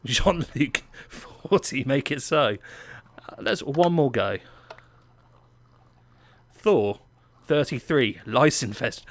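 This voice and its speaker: An English man from England talking through a video game tour in a chatty, playful way. His voice sits at an ordinary middle pitch, and he mocks himself now and then as he goes. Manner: chatty, playful, self-mocking. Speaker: gaming channel host. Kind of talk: gameplay commentary.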